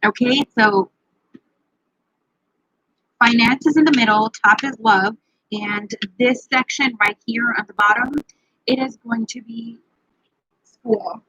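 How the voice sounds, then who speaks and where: A woman running a live tarot reading, talking to viewers by name in a loose, playful way. Her voice is bright and a little breathy. The sound is dry and somewhat dull, like a lo-fi stream. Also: on the high side, slow pace, long pauses, no room sound. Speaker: tarot reader.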